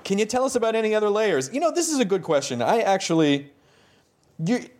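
An American man hosting a relaxed podcast interview, his voice rising and falling in a lively sweep. He talks in easygoing, animated bursts and laughs readily. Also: high voice, quick pace. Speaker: podcast host. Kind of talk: casual interview chat.

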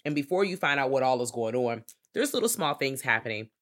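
Podcast co-host thinking out loud. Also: medium pitch, big pitch swings, fast. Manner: thinks aloud, lists points, frequent fillers and profanity. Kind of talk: casual movie review chat.

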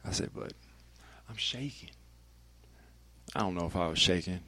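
A man's voice: deep voice, flat delivery, rapid-fire, pushed and bright, no room sound. A man, a radio personality, telling a candid and emphatic personal story as a podcast guest, swearing freely.

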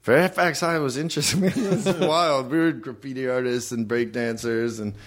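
Laid-back male guest, easy conversational tone, mid pitch. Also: normal speed. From Los Angeles. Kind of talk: casual chat.

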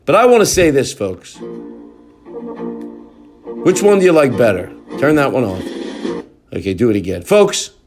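A man's voice: mid-range voice, sing-song, moderate pace, long pauses, over music. A man hosting his own show, rambling and cursing in loose comedic banter, now and then singing off-key. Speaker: show host.

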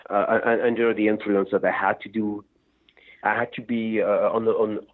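Husky low-voiced man on a phone line. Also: normal speed. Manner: rambling, animated storytelling with restarts. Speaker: rock singer guest. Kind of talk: phone interview.

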